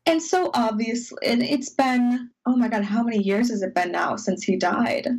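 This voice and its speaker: A woman cohosting a podcast over a video call, telling a personal story in an animated, emotional way and acting out her own inner voice. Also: fairly high pitch, normal speed, low-quality recording. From United States. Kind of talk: casual storytelling chat.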